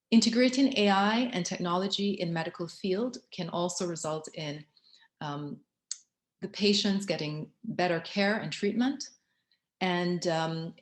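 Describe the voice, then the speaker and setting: A woman with a fairly low voice gives a conference talk. She is measured and often pauses on ums or restarts a phrase. The sound is roomy and echoey. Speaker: conference speaker.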